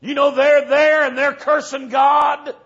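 A preacher delivering a fiery revival sermon in church, moving from low storytelling to shouted warnings. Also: male voice, level tone, measured pace, vocal fry. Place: church service. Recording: dull lo-fi recording.

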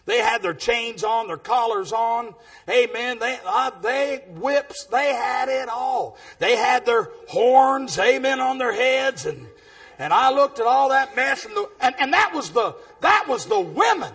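A man preaching a storytelling sermon in a big booming voice, dropping in "amen" as he goes and breaking into shouts. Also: expressive, unhurried.

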